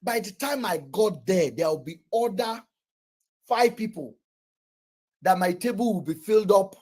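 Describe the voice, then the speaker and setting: Nigerian male host, casual storyteller, blunt and boastful, husky mid-pitched voice. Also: lively intonation, measured pace, darkish tone. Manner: blunt, boastful, swears freely. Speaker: podcast host.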